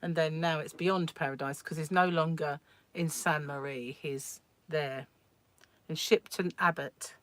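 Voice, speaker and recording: A woman's voice: deep voice, steady tone, a little slow, a bit bright, no room sound. A middle-aged woman hosting a crochet livestream at home, chatting casually and laughing often as she rambles through viewer comments.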